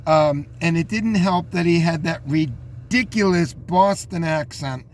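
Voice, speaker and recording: Casting: high-pitched man in his fifties, loose chatty host, faint hiss underneath. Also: unhurried. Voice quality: rambling, many fillers and restarts. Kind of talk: casual commentary.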